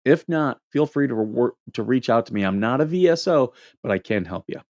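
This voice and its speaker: A man's voice: medium pitch, lively intonation, a little fast, a little mellow, no room sound. A middle-aged man, a Marine veteran, hosting a casual livestream, reading comments and telling joking stories. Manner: joking storyteller, laughs at own anecdotes.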